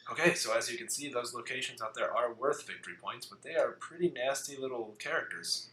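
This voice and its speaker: Here a man with a medium-pitched, sharp-toned voice hosts a casual tabletop card game podcast. Jokey and brisk, he reads rules aloud and cracks jokes, and the echoey room carries a faint background hiss.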